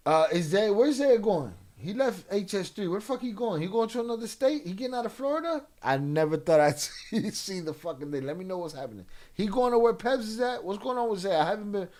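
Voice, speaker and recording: A man's voice: high voice, expressive, brisk, hardly any pauses, a little mellow. A man streaming and reading chat in a loose, profane way, dropping in Spanish slang. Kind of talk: casual live-stream chat.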